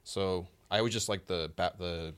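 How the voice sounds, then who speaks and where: A man co-hosting a podcast in casual chat, getting animated and acting out people's reactions. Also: deep voice, moderate pace, clean tone. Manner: animated, acts out quoted reactions. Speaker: podcast co-host.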